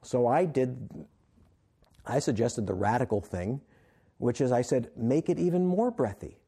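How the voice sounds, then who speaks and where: Mellow-voiced man telling a story. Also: mid-range voice, a little slow, husky. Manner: animated storyteller, acts out quotes. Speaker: author and guest. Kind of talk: storytelling interview.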